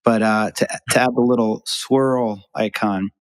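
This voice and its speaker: A man's voice: on the low side, fairly even intonation, unhurried. A man hosting a podcast, telling a rambling story in casual conversation, often restarting his sentences. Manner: rambling, self-interrupting storyteller. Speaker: podcast host.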